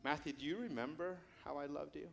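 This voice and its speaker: A man's voice: on the high side, lively intonation, moderate pace, a little hiss or hum, natural voice. A man voicing Jesus as an earnest teacher who questions his disciple in repeated, searching lines that swell into urgent appeals. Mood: tender.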